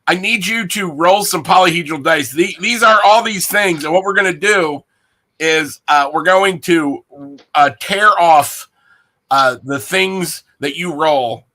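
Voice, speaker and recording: A man's voice: sits high, measured pace, bright, forceful tone. A man hosting a casual stream, playful and rambling, joking with his guest. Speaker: host. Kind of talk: casual livestream chat.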